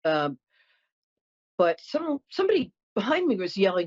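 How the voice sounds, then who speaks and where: She speaks at medium pitch and normal speed, with big swings in pitch, a breathy edge, and dull audio. The middle-aged host of a psychic call-in show, she chats, apologizes, and tells stories in a warm, frank, blunt manner.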